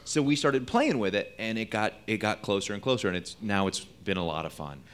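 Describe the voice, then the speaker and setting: A male comedian from California chatting in an interview on a comedy theater stage, joking and landing quick punchlines. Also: lowish voice, lively intonation, a bit bright, clean tone. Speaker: comedian and impressionist guest. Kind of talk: casual interview chat.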